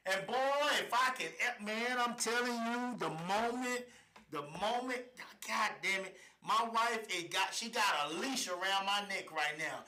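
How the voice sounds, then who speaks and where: A man hosting a live show, ranting and confronting people. His voice sits very high for a man and sounds sharp and bright. He is recorded in an echoey room with a faint hiss behind him. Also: big pitch swings, normal speed. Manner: loud, confrontational, repeats phrases for emphasis. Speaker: host of a live online show. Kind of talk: fired-up live commentary rant.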